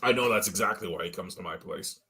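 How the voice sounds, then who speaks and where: A man's voice: fairly low pitch, fast talker, pushed and bright, slightly rough. A man co-hosting a casual beer review chat, ranting with lots of swearing and getting worked up. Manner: profane, ranting, gets worked up. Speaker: beer review show co-host.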